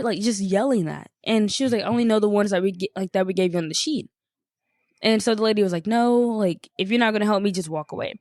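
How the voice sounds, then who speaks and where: A woman's voice: medium pitch, fast, darkish tone, no echo, studio quality. A young woman, a podcast co-host, telling a story in casual chat, swearing and acting out the people she quotes.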